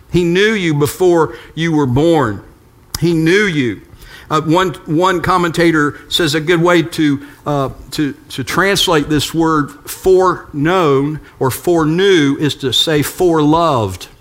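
A man's voice: fairly high pitch, a bit bright. An older man preaching a sermon as a pastor, conversational and storytelling with touches of humor.

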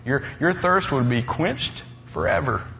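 A man voicing a gentle, patient male teacher, speaking calmly and low in a dull lo-fi recording. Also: unhurried, creaky, slight background noise. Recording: dull lo-fi sound.

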